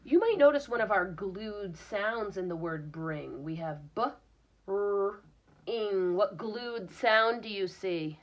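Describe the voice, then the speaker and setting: A woman's voice: mid-range voice, expressive, takes it slowly. A woman teacher reading a picture book aloud to young children, patiently explaining words and sounding them out. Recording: dull lo-fi recording.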